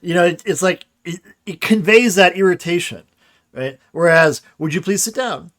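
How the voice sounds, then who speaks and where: A man's voice: high voice, moderate pace, a bit bright. A man giving a casual livestreamed grammar lecture, explaining and answering chat questions, often checking in with "right?".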